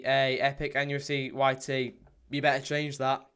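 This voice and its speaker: Smooth-voiced man chatting through a live watchalong. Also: mid-range voice, normal speed. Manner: casual, reads out viewer comments and commentates on the match, many ums; bursts into excited play-by-play at goals. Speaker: watchalong streamer. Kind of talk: live match watchalong chat.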